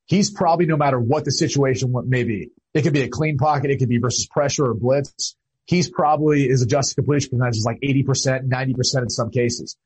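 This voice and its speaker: A male football analyst explains his points in a steady, measured way and fills his pauses with "uh". His voice is mid-pitched and slightly husky. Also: low-quality recording. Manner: measured, explanatory, many uh fillers. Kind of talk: casual analytical talk.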